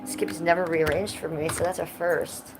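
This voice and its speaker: A woman's voice: fairly low pitch, level tone, moderate pace, low-quality recording. A middle-aged woman chatting casually on a livestream from her living room, blunt and given to swearing. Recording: music playing clearly behind.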